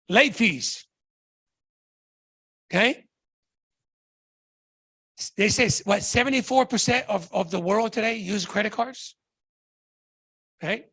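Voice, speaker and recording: A man giving an excitable, repetitive sales pitch to an audience, calling them folks and guys. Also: vocal fry. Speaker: business presenter.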